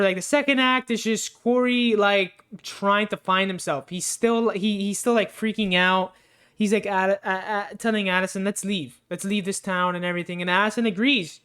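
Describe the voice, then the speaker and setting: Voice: medium pitch, a bit bright, clean tone. A movie reviewer casually recapping a film with spoilers, rambling loosely with lots of fillers, restarts and swearing.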